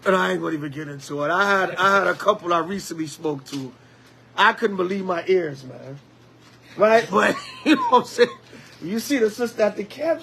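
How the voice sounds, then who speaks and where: A man preaching a Bible lesson as an elder, lively, with call-and-response and acted-out quotes. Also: high voice, brisk, a little hiss or hum.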